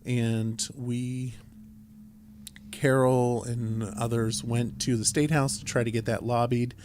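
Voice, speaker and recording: A man's voice: medium pitch, level tone, takes it slowly, darkish tone, slight background noise. A man co-hosting a podcast, talking casually through council business with many fillers and restarts and a dry sense of humor. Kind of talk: casual chat, reading a council resolution aloud.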